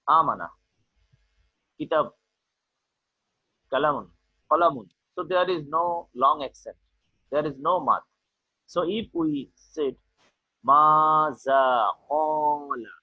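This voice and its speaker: A man teaching an online class, explaining slowly and repeating "okay" often, with a Bangladeshi English accent. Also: a little high, no room sound. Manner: slow, repetitive explaining with many "okay"s. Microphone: video call. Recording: tinny online call audio.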